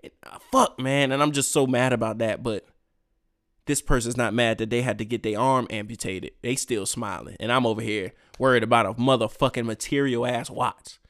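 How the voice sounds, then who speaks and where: A man ranting on his own podcast, profane and emphatic, swinging between loud outbursts and quiet asides. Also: mid-range voice, fairly even intonation, brisk, dry recording, studio quality. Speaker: podcast host. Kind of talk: solo ranting podcast monologue.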